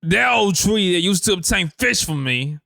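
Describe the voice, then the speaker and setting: A man voicing a gruff male raccoon in a put-on Cockney accent, halting and unsure of the impression. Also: sits high, expressive, pushed and bright, no echo, clean studio sound, exaggerated voice. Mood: mock-posh.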